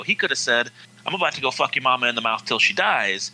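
Bright, sharp-voiced man speaking emphatically. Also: mid-range voice, animated, a little fast, low-quality recording. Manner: emphatic, heated, swears freely. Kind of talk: casual panel discussion.

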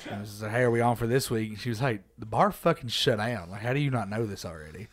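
A man's voice: fairly low pitch, fast talker. A man who does stand-up, telling a rambling anecdote on a comedy podcast with lots of fillers. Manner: rambling, filler-heavy anecdotes, laughing easily. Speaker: stand-up comic, podcast regular. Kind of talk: casual storytelling on a comedy podcast.

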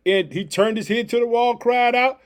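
A man's voice: very high-pitched, moderate pace, clear, resonant tone. A man preaching a devotional podcast sermon, fired up and emphatic, leaning on repeated catchphrases.

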